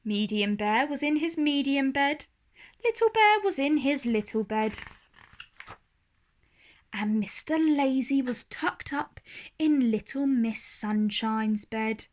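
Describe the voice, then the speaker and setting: A woman reading a children's storybook aloud in a slow, expressive manner. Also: high voice.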